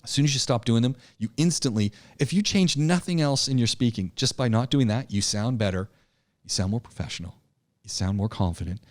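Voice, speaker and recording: A man teaching a public speaking class. He talks in an animated way, often repeats words and restarts sentences, and swings between loud emphasis and a low, quiet voice. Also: a little fast. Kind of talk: classroom lecture.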